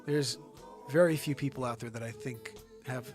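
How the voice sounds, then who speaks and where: A man's voice: mid-range voice, normal speed, music in the background. A man hosting his own online show, ranting about politics in a heated, profane and sarcastic way.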